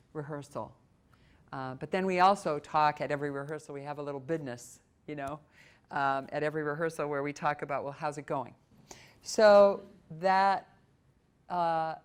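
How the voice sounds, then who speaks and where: A middle-aged woman with an Upper Midwest American accent speaks to a library audience. Her voice sits fairly low and stays expressive. Now and then she drops into a few lines of song before going back to talking. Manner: warm, animated, breaks into short sung phrases. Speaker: voice coach and presenter. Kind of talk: library presentation talk. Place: public library meeting room.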